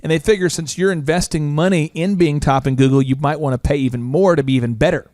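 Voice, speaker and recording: A male podcast host in casual business talk, jokey and rambling with quick asides. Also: a little high, a little mellow, no echo, studio quality. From Oklahoma.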